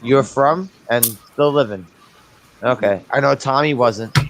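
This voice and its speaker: A man's voice: medium pitch, measured pace, noisy background. A man in a casual online group chat, telling crude stories with a joking manner. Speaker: panelist.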